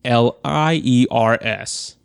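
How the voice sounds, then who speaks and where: A young man co-hosting a podcast, telling a story in an animated way, swearing and acting out what people said. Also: mid-range voice, slow pace, gravelly, clean tone, no room sound, studio quality. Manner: animated, profane, acts out quoted voices. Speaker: podcast co-host. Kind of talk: casual storytelling chat.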